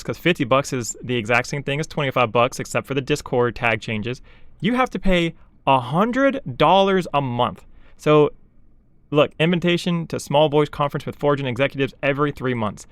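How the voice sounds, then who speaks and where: A man's voice: on the high side, a bit bright, dry recording. A young man, a VTuber, ranting in exasperated, sarcastic commentary, mocking others in quoted asides.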